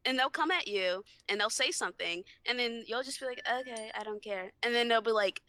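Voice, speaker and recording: A woman's voice: fairly high pitch, a little fast, hardly any pauses, pushed and bright, no room sound. A woman co-hosting a podcast in casual chat, blunt and indignant, swearing as she recounts a chat argument. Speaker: podcast co-host.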